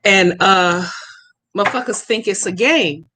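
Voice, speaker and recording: A woman's voice: mid-range voice, measured pace, noisy background. A woman hosting a live stream, chatting casually with viewers by name and talking back to their comments in a blunt, profane, outspoken way.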